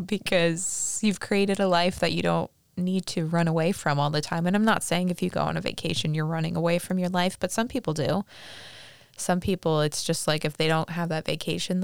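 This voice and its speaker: A woman's voice: fairly low pitch, gravelly, clear, resonant tone, dry recording. A young adult woman hosting a podcast, chatting casually and rambling with lots of fillers. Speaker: podcast host. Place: Fresno, California.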